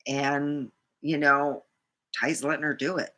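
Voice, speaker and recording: A woman's voice: deep voice, level tone, takes it slowly, fairly bright tone. A middle-aged woman vlogger telling a rambling dating story, full of fillers and restarts. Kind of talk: casual storytime monologue.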